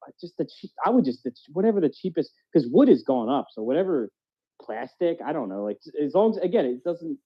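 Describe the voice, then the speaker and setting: A man's voice: fairly high pitch, very animated, brisk, breathy edge. A man with a faint Philadelphia accent, rambling bluntly in casual chat as a podcast co-host. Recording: dull lo-fi sound.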